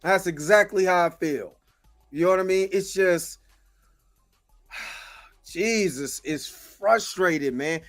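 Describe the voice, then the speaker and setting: A man's voice: sits high, slow pace, long pauses, fairly bright tone, soft background music. A man hosting a livestream, venting with frustration, repeating himself and thanking viewers by name. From United States. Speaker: host. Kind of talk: impassioned livestream commentary.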